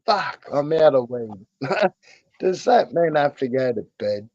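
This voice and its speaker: A man's voice: medium pitch, lively intonation, measured pace, a little mellow, no room sound. An Australian man co-hosting a casual late-night livestream chat, laid-back, swearing and laughing often. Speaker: livestream co-host. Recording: muffled lo-fi stream audio.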